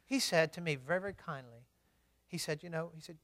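A man, a pastor, delivering a sermon with animated storytelling, moving from soft asides to loud, emphatic preaching. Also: a little high, brisk.

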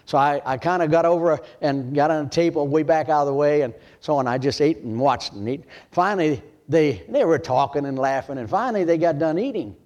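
Older male pastor from Michigan, slightly high voice, storytelling sermon that swings from hushed to loud. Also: a little fast, few pauses, muffled recording.

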